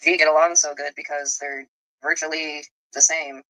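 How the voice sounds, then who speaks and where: Bright-voiced chatty livestream commentator. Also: medium pitch, flat delivery, normal speed, dry recording, poor audio. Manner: chatty, critical of others.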